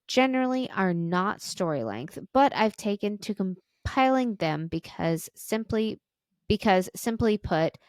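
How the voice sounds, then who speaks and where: A woman's voice: fairly low pitch, no room sound, studio quality. A woman podcast co-host reading a listener's story aloud, with small stumbles and restarts.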